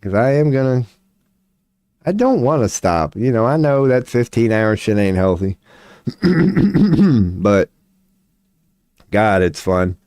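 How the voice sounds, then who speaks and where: A man talks loosely to his stream audience, rambling between tarot readings, swearing and laughing easily. His voice sits low and mellow, worn a little hoarse, and he keeps clearing his throat. The sound is dry and close, with no room around it. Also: expressive, slow pace, pauses often, dry recording. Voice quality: voice going hoarse from long streams. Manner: rambling, swears casually, laughs often, reads chat aloud. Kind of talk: casual live-stream chat.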